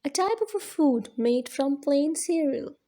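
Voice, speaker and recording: A woman teacher explains a lesson at an unhurried pace. Her voice sits high and mellow, and she goes step by step, circling back to repeat her points. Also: lively intonation. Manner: slow, explaining step by step with repetitions. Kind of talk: classroom lesson on limericks.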